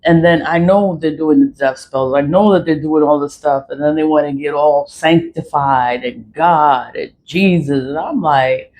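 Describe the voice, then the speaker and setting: A woman vlogging in a casual monologue from a city high-rise apartment. She rambles, repeats phrases and mimics other people in quoted asides. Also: measured pace, few pauses, a little mellow, a little hiss or hum, rough recording. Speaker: spiritual vlogger.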